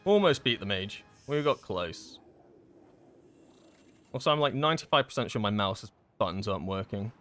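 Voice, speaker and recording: A man streaming a game in casual chat, rambling and chatty with many fillers and quick laughs. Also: fairly low pitch, sing-song, fairly bright tone, soft background music. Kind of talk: casual live-stream chat while gaming.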